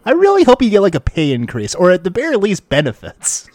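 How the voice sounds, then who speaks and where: A man's voice: sits high, wildly swooping pitch, quick pace, a little mellow, dry recording. A man co-hosting a casual podcast, ranting and swearing in mock outrage. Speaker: podcast co-host.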